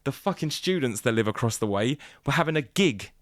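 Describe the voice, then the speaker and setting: A man with a mid-pitched voice recorded very dry and close. He tells a story in a laid-back, sweary way and often trails off mid-sentence. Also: expressive, fairly quick, no room sound. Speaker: podcast co-host. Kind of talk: casual podcast chat.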